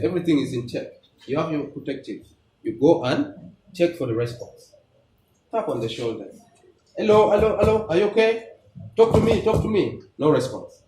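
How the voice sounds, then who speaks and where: A man teaching a class on emergency life support, lively and questioning, often laughing as he explains. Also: mid-range voice. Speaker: medical trainer. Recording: echoey room, mic far off, background noise.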